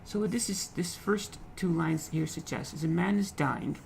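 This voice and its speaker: A man's voice: a little high, normal speed, vocal fry, darkish tone, slight background noise, low-quality recording. A man teaching literature, explaining a poem line by line, repeating phrases and often checking in with "okay?".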